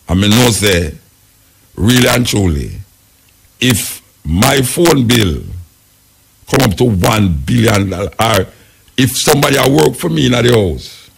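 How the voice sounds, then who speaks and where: A man's voice: mid-range voice, gravelly, slightly rough. A man with a Jamaican accent hosting a radio talk show, talking in patois and arguing his point. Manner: Jamaican patois, speculative, argumentative.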